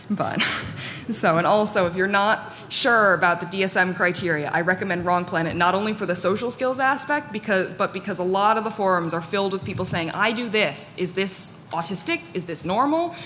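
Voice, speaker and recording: A woman's voice: lowish voice, a bit bright. A woman giving a candid, self-deprecating talk to a conference audience, with many fillers and restarts. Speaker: conference panel speaker. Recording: long hall reverb, faint room noise.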